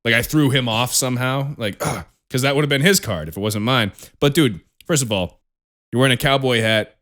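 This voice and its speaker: A young man with a medium-pitched, fairly bright voice speaks briskly while co-hosting a podcast. The casual chat is full of profanity and ranting, and he laughs often.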